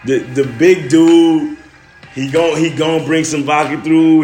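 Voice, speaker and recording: A man's voice: a little high, fairly even intonation, slow pace, darkish tone, soft background music. A young man hosting a casual podcast monologue, loose and emotional, full of slang and "man" and "bro". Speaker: podcast host.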